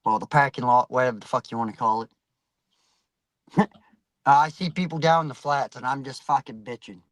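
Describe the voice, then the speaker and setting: A man's voice: medium pitch, normal speed, no echo, poor audio. A man telling a rambling, profanity-heavy story in casual chat, acting out the voices of people he quotes.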